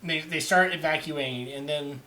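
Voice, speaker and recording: Young male game master, higher voice, animated, halting narration.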